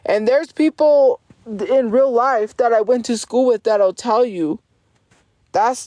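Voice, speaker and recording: A woman's voice: a little high, darkish tone, dry recording. A woman livestreamer ranting at her chat in a profane, insistent and defiant way, repeating her points over and over.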